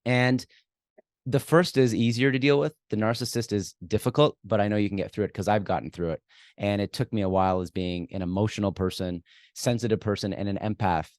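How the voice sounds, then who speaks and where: A man appears as a guest expert on workplace conflict in an interview, giving direct, emphatic advice and acting out the lines he suggests people say. His voice is on the low side with a darkish tone and fairly even intonation, delivered briskly in a dry, studio-quality recording.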